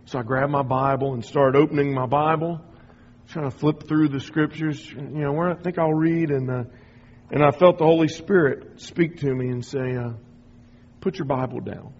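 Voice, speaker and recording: A middle-aged man giving a rambling, informal spoken testimony, often restarting and clearing his throat. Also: on the high side, steady tone, moderate pace, a little mellow, lo-fi sound. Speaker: speaker sharing a personal faith story.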